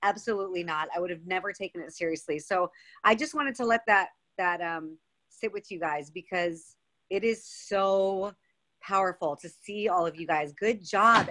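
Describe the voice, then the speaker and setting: A woman's voice: fairly low pitch, normal speed, bright, forceful tone, no echo. A woman on a video call telling an enthusiastic story to her team. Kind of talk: excited sharing on a video call. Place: outdoors with weak signal.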